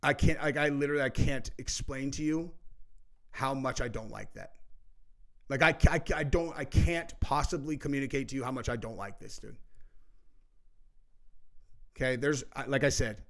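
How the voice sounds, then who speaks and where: A man hosting his own political commentary show at a mid-range pitch. He talks casually and heatedly, swears freely and keeps calling the listener "dude". He rambles through fillers and restarts as he works his way to each point. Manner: heated, profane, says "dude" often.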